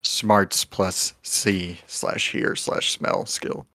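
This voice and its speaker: A man running a tabletop game as game master, explaining rules and describing clues in an unhurried, hedging way. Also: low-pitched, big pitch swings, gravelly, sharp tone, no echo, clean studio sound.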